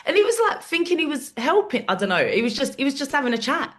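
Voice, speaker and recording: Sweary, animated woman. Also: sits high, fast talker, hardly any pauses. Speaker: comedian guest. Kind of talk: casual podcast chat.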